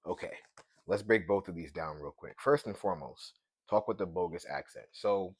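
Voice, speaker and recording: Deep-voiced Brooklyn man riffing casually. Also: moderate pace, breathy edge, no echo. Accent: Brooklyn New York. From Brooklyn, New York. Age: 30s. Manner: loose, slangy and profane, riffing out loud. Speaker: podcast host. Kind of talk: casual solo podcast chat.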